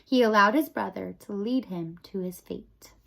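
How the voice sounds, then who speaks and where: A woman reading a children's storybook aloud in an expressive, lively way. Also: medium pitch, normal speed, vocal fry. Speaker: audiobook reader. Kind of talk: storybook narration.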